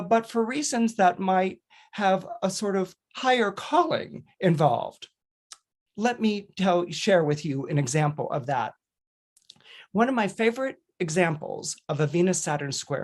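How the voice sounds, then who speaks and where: Chatty male astrologer telling a story. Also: high-pitched. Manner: chatty, digressive, with frequent fillers and restarts; briefly mimics characters in exaggerated voices. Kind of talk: casual podcast storytelling.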